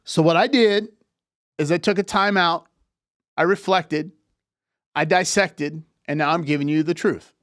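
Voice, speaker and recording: A man's voice: fairly high pitch, fairly even intonation, unhurried, pauses often, a bit bright, dry recording, studio quality. A man coaching on relationships in a live talk, lecturing emphatically with repeated points.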